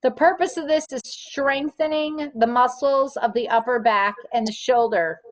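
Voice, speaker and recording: A woman teaching a fitness class, giving clear step-by-step cues with gentle reassurance. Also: high-pitched, moderate pace, poor audio. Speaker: fitness instructor. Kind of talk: guided exercise class instruction.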